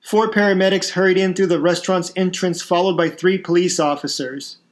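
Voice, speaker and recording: High-voiced man reading his own story. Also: fairly even intonation, brisk. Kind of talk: first-person story narration.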